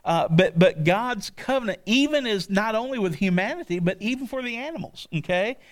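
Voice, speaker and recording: A man's voice: high voice, lively intonation, a little fast. A middle-aged man preaching a sermon, telling folksy stories and checking in with listeners with frequent asides. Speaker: pastor.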